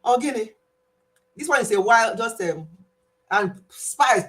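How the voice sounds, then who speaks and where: A woman's voice: a little high, lively intonation, takes it slowly, a bit bright. A woman, hosting a casual live stream quiz and playfully scolding a viewer in a chatty way. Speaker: livestream host.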